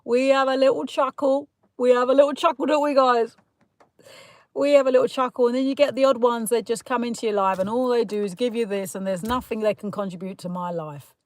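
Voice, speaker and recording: A woman with a voice on the high side, steady in tone and a little fast, recorded dry. Chatting from a parked car, this Kent native from the south of England reads live stream comments casually, teasing viewers, laughing and calling them darling.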